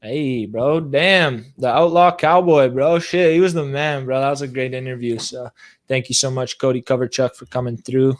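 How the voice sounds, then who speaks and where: A man's voice: medium pitch, steady tone, normal speed. Casual male podcast co-host, easygoing storyteller, frequent laughter, slangy. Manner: laid-back, laughs often, says bro a lot. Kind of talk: casual chat, telling a funny story.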